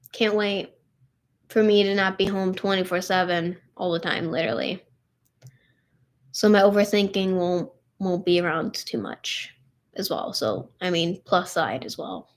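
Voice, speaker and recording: A woman's voice: mid-range voice, steady tone, takes it slowly, pauses often. Young woman, streamer, weary and emotional, casual chat full of "like" and "literally". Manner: emotional, tired, heavy use of "like" and "literally". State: tired and upset.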